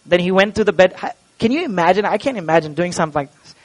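A man preaching an Easter sermon in a church and leading a closing prayer, impassioned and swinging from loud to hushed. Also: high voice, expressive, fast, poor audio. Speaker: pastor. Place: church sanctuary.

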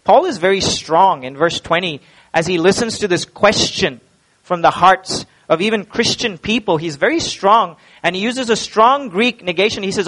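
A man's voice: high voice, normal speed, fairly bright tone, rough recording. A male preacher, delivering a sermon emphatically, with rhetorical questions and repeated words.

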